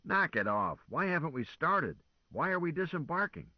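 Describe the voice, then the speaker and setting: A man playing a gruff drill-sergeant elder. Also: medium pitch, big pitch swings, a little slow, no room sound, highs cut off, pitched above the performer's own voice. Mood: demanding. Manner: demanding, impatient.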